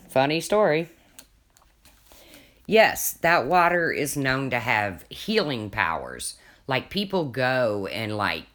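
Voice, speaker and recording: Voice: mid-range voice, fairly bright tone. A livestreamer in casual chat, telling a rambling story and answering viewers' comments, often restarting sentences and laughing along.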